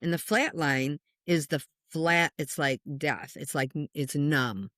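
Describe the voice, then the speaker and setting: A woman who works as a spiritual medium, a guest telling stories in an earnest, passionate, animated way. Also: low voice, measured pace, no echo, studio quality. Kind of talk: conversational interview storytelling.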